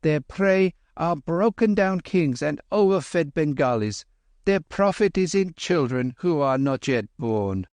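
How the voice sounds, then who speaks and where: A man voicing a shrewd, quick-tongued boy, delivering cutting retorts with measured scorn in an audiobook. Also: sits high, sing-song, darkish tone, dry recording, pitched above the performer's own voice, heavily acted. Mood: scornful. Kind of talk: audiobook character voice.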